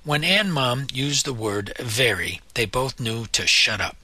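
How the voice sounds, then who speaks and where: A man narrating a novel in a measured storytelling manner. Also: mid-range voice, expressive, pushed and bright, breathy edge, dry recording. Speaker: audiobook narrator. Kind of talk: scripted narration.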